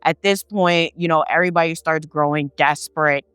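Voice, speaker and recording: A woman telling a family story in casual talk, swearing and acting out her relatives' lines with animated energy. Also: sits low, a little fast, clear, resonant tone, no room sound, clean studio sound. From Haitian family.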